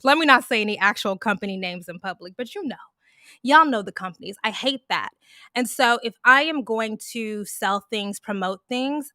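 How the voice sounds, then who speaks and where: A young woman chatting loudly on a live stream, projecting like a trained stage performer. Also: mid-range voice, no room sound, studio quality. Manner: loud, projecting theater voice, lively and chatty. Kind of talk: casual live stream chat.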